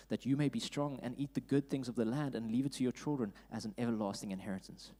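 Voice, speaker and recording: A man with a South African accent preaching a sermon in church, reading scripture and rising loud for emphasis. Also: mid-range voice. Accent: South African English. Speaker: pastor. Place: church auditorium.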